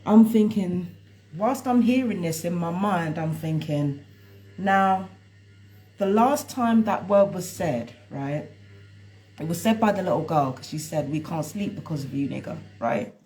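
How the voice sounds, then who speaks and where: A woman with a low, mellow voice talks to her viewers on a home live stream. Her delivery rambles, full of fillers and restarts, and turns to exasperated ranting. It sounds loose and unscripted. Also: lively intonation, a little slow. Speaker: tarot reader and vlogger. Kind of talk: casual live-stream monologue. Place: at home indoors.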